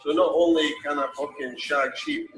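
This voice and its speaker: A man's voice: fairly high pitch, normal speed, a bit bright, poor audio. An older man in his sixties with a Scottish accent telling a rowdy, swearing, laughing football story from an archive clip. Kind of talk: story told on archive video. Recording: music playing behind.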